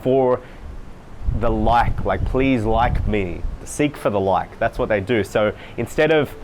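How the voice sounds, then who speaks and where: This coaching monologue comes from a man with a lowish, darkish voice at a measured pace, with a little hiss or hum in the audio. Addressing the camera casually, he stresses points by repeating phrases and imitates voices to show what he means.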